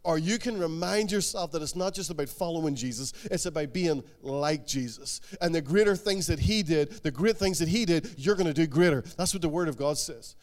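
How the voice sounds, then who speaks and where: A man preaching a sermon, animated, voicing the people in the stories he tells. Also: a little high, a little fast, hardly any pauses. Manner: animated, acts out the quotes he tells. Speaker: pastor.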